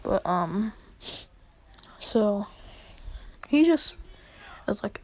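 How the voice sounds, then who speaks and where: A woman's voice: medium pitch, expressive, slow pace, no room sound. A woman casually telling a fan story for a video, rambling and filling gaps with asides and "like" and "uh". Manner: rambling, full of fillers and asides.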